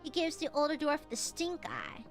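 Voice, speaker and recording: A woman's voice: high voice, huge pitch swings, moderate pace, soft background music. A woman streaming a video game, chatting casually in a playful, crude way and laughing often.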